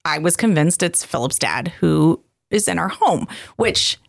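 A middle-aged woman co-hosting a podcast, telling stories in a casual, animated way with frequent laughs. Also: on the low side, unhurried, gravelly, dry recording, studio quality. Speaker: podcast co-host. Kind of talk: casual chat.

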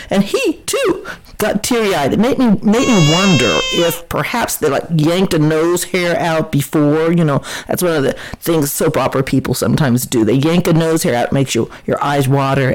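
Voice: mid-range voice, slight background noise, low-quality recording. Emphatic, scornful political commentator. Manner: emphatic, scornful, with repeated words and restarts. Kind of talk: opinionated solo commentary.

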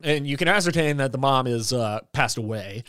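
A man's voice: medium pitch, a little fast, a bit bright, clear, resonant tone, no room sound. A man co-hosting a podcast, casually recapping a movie with rambling, joking asides. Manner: rambling, joking, recounting scenes. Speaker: podcast co-host.

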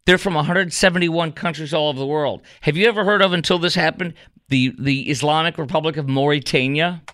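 Male radio host, emphatic, indignant, smooth resonant voice, dry studio mic. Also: fairly high pitch, a little fast, a bit bright, no room sound. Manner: emphatic, indignant, with many fillers. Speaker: radio talk show host. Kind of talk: talk radio commentary and call-in. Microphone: studio microphone.

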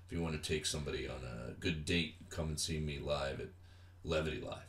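A guest comedian, relaxed and matter-of-fact as he plugs his shows. His voice is very low. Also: fairly quick. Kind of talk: casual comedy podcast chat.

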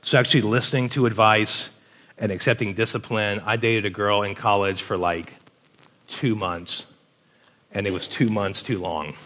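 A young man chats through relationship advice, telling stories and slipping into quoted voices. His voice sits on the low side, and the recording carries a long, roomy reverb. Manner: animated storyteller, acts out quoted voices. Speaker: co-host giving relationship advice. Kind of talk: casual advice talk with stories.

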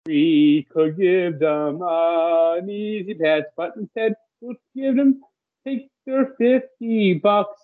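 A man putting on a smug male toll official who drags his words out slowly and mockingly. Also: sits high, pitched above the performer's own voice. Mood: gloating. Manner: slow, mocking drawl. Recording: tinny phone-like line.

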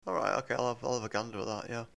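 Male co-host, relaxed and hesitant, gravelly fry in the voice. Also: medium pitch, racing. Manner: laid-back, hesitant, swears casually. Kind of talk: casual chat.

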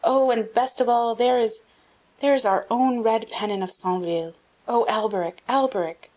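A woman reading an audiobook, voicing an eager, excitable young boy duke with high, breathless cries. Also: moderate pace, natural voice, poor audio. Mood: overjoyed.

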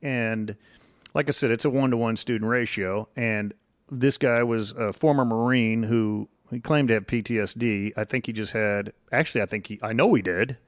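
Relaxed man telling long anecdotes. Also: medium pitch, normal speed, dry recording, clean studio sound. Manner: relaxed, rambling anecdotes with quoted voices. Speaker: guest. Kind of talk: casual interview storytelling.

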